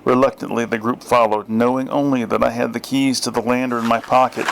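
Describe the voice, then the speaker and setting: Dry, deadpan middle-aged male storyteller. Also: medium pitch, a little fast, gravelly, few pauses. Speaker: author reading his story. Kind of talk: first-person story reading.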